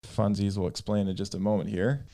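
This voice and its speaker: A man's voice: fairly low pitch, level tone, brisk, very noisy. A man hosting a casual podcast chat, talking in a hesitant way with many fillers. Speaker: podcast host.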